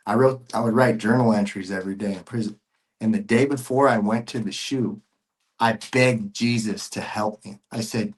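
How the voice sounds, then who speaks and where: A man's voice: on the low side, normal speed. A man sharing a personal faith testimony as a podcast guest, earnest and emotional, with casual slang and frequent repeats.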